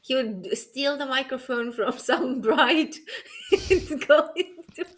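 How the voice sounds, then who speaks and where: Laughing, slow-talking woman co-host. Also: high voice, wildly swooping pitch, slightly rough. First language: not English. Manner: laughs often, loose and joking. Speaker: podcast co-host. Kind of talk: casual chat.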